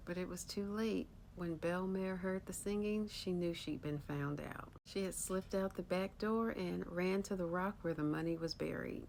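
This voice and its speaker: Gravelly woman telling a spooky folktale. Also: on the low side, moderate pace, hardly any pauses, a little mellow, a little hiss or hum, low-quality recording. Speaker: storyteller.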